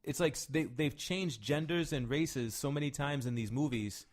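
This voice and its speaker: A man's voice: medium pitch, normal speed. A man co-hosting a casual podcast, talking animatedly and swearing, with lots of "right?" tag questions. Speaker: podcast co-host. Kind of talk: casual chat.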